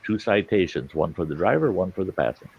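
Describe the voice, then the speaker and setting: A man telling a story in casual chat, animated, cursing casually. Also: low voice, fast, vocal fry, highs cut off, a little hiss or hum.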